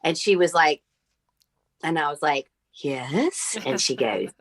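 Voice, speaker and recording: Woman, healer guest, animated storyteller, dry close recording. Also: low-pitched, takes it slowly, no room sound. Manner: animated storyteller acting out dialogue. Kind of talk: conversational interview storytelling.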